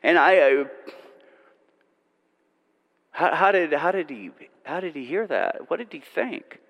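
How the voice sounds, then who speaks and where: A man preaching a sermon and telling a story in an animated way, often repeating phrases. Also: a little high, measured pace, big-room sound, lo-fi sound.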